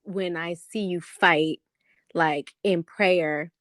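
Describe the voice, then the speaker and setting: A woman's voice: lowish voice, fairly even intonation, slow, a bit bright, no room sound, studio quality. A woman in casual chat who affirms her friend and calls her "girl".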